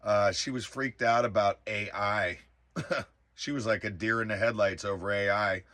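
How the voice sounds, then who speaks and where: A man telling a personal story in a casual, animated way, exclaiming often and filling pauses with "uh" and "um". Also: lowish voice. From rural area. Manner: animated, exclaims in bursts, many fillers. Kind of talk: casual spoken recollection.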